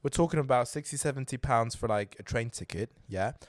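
A man's voice: mid-range voice, a little fast, no room sound. Man chatting, dry close sound. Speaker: podcast co-host. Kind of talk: casual chat.

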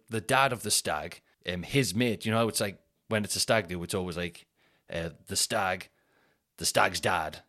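A man spinning a loose, rambling anecdote on a podcast. His voice sits fairly low, and he stumbles into restarts while slipping into the voices of the people he quotes. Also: fairly bright tone. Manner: rambling storyteller, quick restarts, acts out quotes. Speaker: podcast host. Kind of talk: casual anecdote telling.

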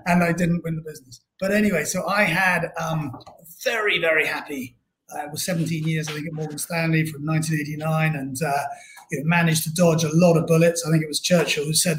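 A man's voice: fairly high pitch, level tone, brisk, fairly bright tone, slight background noise. A middle-aged man from England, a guest telling career stories in a rambling, self-deprecating way with many restarts. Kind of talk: casual storytelling interview.

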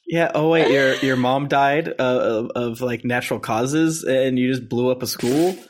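A man's voice: mid-range voice, measured pace. A man co-hosting a casual podcast chat, jokey and swearing, often slipping into silly character quotes. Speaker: podcast co-host.

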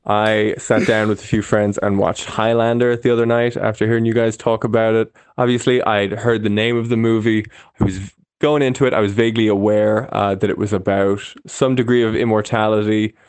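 A man's voice: on the low side, little pitch movement, fairly quick, hardly any pauses, a little mellow, smooth, no room sound. A man from Chicago, a caller leaving an easygoing, rambling recorded message.

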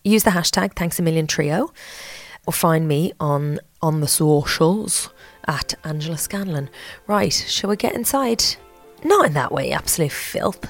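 A woman with an Irish accent hosting a podcast, chatting casually with playful, quick asides. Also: sits low, lively intonation, faint music behind. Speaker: podcast host. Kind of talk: casual chat.

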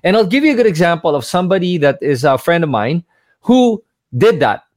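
A man's voice: a little high, very animated, fairly quick, dry recording, studio quality. A man as a guest in a casual chat, speaking with confidence and emphasis and acting out conversations as he tells a story. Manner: confident, emphatic, acts out dialogue. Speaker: guest, crypto investor.

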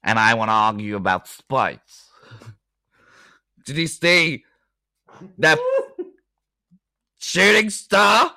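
A man's voice: mid-range voice, sing-song, takes it slowly, long pauses, bright, forceful tone, full character voice. A man playing a bewildered stargazer in a wobbly put-on Australian accent.

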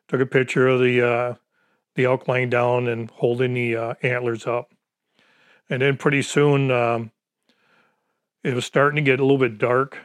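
A man's voice: medium pitch, no room sound. An older man from Michigan's Upper Peninsula telling his hunting story in plain, folksy talk, acting out what others said. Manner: plain-spoken, folksy grammar, lively quoted dialogue. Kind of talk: casual storytelling.

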